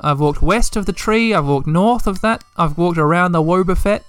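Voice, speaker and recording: A gaming podcast host giving playful, animated let's play commentary, full of sound effects. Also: medium pitch, moderate pace, clean tone, faint music behind.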